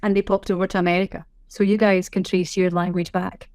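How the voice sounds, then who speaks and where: A woman with a Scottish accent, a sign language interpreter being interviewed in casual chat, self-deprecating with quick asides. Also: fairly low pitch, level tone, a little mellow, dry recording, studio quality. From Scotland.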